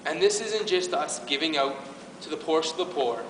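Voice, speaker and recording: A parish youth ministry speaker, a man with a slightly high, slightly quick voice, gives an informal faith talk to his church's youth group. He's earnest and emotional and restarts his sentences often. The recording is distant, in an echoey hall with background noise.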